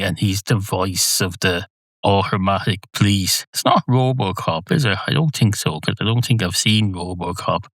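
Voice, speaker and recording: Male podcast host, slightly low voice, dry close sound, wandering wry monologue. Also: moderate pace, fairly bright tone, no echo. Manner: wry, digressive, self-mocking. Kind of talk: solo rambling monologue.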